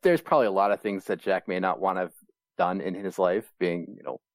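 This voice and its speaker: A man's voice: low-pitched, fairly quick, no room sound. A man co-hosting a podcast, critiquing an episode in an emphatic way. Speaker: podcast co-host. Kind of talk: casual critique.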